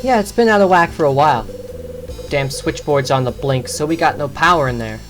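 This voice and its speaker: A jumpy, slangy young bellhop from a game, raising his voice and swooping up in pitch, as a woman puts him on. He talks quickly and loosely, always a little panicked. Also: background noise. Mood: excitable. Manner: excitable, slangy.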